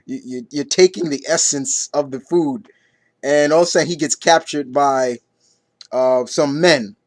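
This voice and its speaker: A man's voice: fairly high pitch, no room sound. A man giving a casual comic book review, rambling and stumbling through his retelling with lots of fillers.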